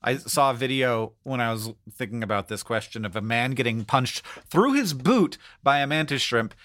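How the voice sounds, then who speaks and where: A man co-hosting a podcast in casual, animated chat, often breaking into laughter. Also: medium pitch, normal speed, no room sound, studio quality. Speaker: podcast co-host.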